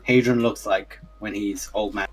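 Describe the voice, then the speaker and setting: A man casually chatting as a player at a tabletop game, animated and joking. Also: fairly low pitch, moderate pace, husky.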